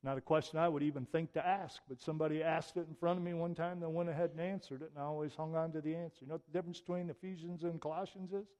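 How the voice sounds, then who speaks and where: A middle-aged man delivers a sermon in a relaxed, conversational way, with touches of wry humor. His speaking voice sits on the higher side for a man. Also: very fast, few pauses. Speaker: preacher.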